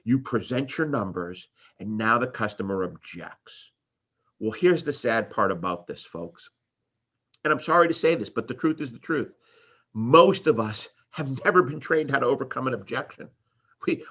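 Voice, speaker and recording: Animated, bright-voiced male sales trainer. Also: mid-range voice, normal speed, husky, highs cut off. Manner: animated, acts out customer and salesperson exchanges. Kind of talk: live sales training talk.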